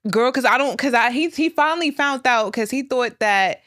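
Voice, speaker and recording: A woman telling stories on a podcast in casual chat, loud and profane, laughing often and acting out her son's lines. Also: high-pitched, lively intonation, normal speed, dry recording, studio quality.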